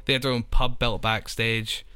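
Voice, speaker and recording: A man's voice: medium pitch, level tone, normal speed, pushed and bright, clear, resonant tone. A young Scottish man, a touring musician, chatting casually on a podcast, rambling with lots of "like" fillers. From Scotland. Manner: rambling, full of "like" fillers, self-described anxious.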